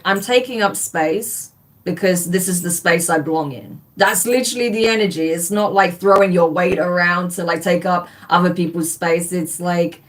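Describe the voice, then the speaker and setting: A woman reading tarot on a live stream, gushing and enthusiastic as she talks straight to her viewers. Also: fairly low pitch. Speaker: tarot reader.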